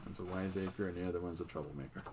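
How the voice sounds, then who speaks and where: An older man who hosts his own art channel, casually showing his pages in a relaxed, meandering, self-amused way. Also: deep voice, very fast, noisy background. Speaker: artist and channel host. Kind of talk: casual show-and-tell livestream.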